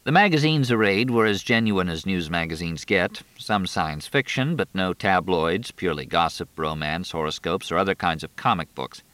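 A man reading a story aloud as narrator, in an expressive storytelling manner. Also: deep voice, normal speed, hardly any pauses, dry recording. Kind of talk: audiobook narration.

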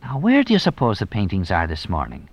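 A man's voice: on the low side, huge pitch swings, fairly quick, slightly rough, no room sound, exaggerated voice. A man voicing a shrewd, teasing police inspector who probes with dry, mock-innocent questions. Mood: sly.

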